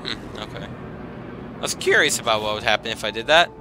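A man giving casual let's play commentary, breaking into excited outbursts and complaints, then muttering to himself while sorting gear. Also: on the low side, fairly quick, noisy background. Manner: self-talk, mutters and trails off while managing inventory. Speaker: gaming commentator. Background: game music.

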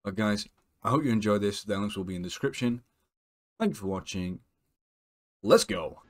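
A man hosts a multiplayer game session in a loose, chatty way. His voice sits very low, and he talks with plenty of fillers and restarts, a touch nervous. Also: moderate pace. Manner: nervous, rambling intro with fillers. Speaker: channel host. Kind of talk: casual gaming chat.

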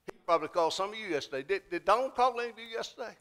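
A man's voice: high-pitched, lively intonation, very fast, a bit bright. A man preaching a sermon in church, telling folksy stories and building to emphatic exhortation. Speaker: pastor. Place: church sanctuary.

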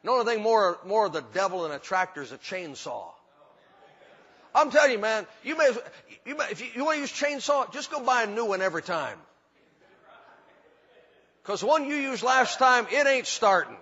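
A man's voice: sits high, animated, moderate pace, pauses often, sharp tone, husky. A male pastor, preaching a sermon in a folksy, emphatic way, with repetition and humor. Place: church sanctuary. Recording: dull hall recording with long reverb.

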